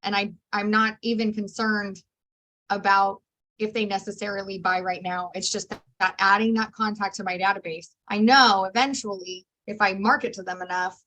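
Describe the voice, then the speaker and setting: A woman real estate agent telling lively stories and acting out her conversations in a training session. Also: medium pitch, moderate pace. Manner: animated storyteller, acts out dialogue.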